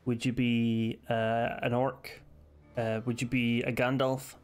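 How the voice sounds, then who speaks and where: A Scottish man streaming a game live, chatting casually, joking and swearing while thinking out loud. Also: mid-range voice, flat delivery, slow. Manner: sweary, jokey, thinks aloud. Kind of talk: casual gaming stream chat.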